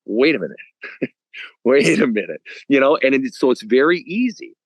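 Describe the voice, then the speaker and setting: A man's voice: medium pitch, normal speed. A man talking as a counselor guest in a casual podcast chat. He is blunt and profane, and he acts out little scenes as he tells stories. The sound is dry and close, with no room echo. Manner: blunt and profane, animated storytelling.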